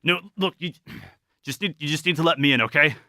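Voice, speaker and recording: A man voicing a tall bearded stranger who insists, loudly and urgently, on being let into the house. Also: medium pitch, normal speed, smooth, dry recording, clean studio sound, natural voice. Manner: insistent, pushy, pleading to be let in.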